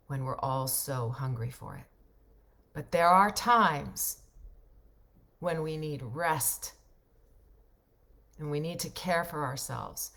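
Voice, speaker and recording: A woman's voice: sits low, creaky, a bit bright. A middle-aged woman, a voiceover coach, chatting casually on a livestream and reading out viewer comments, reflective and rambling.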